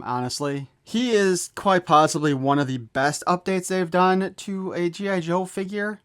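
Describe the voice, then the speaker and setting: Joking, slightly high-voiced man reviewing toys. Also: fairly bright tone. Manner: joking, rambling, offhand swearing. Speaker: toy reviewer. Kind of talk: casual unboxing review.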